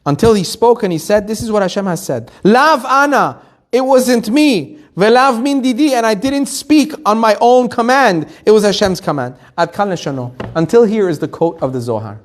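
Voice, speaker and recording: A rabbi gives a Torah lesson in a high, bright-sounding man's voice. He tells the story with energy and acts out the quoted lines as he goes. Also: normal speed. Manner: animated storytelling, acting out quotes. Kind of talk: Torah class sermon.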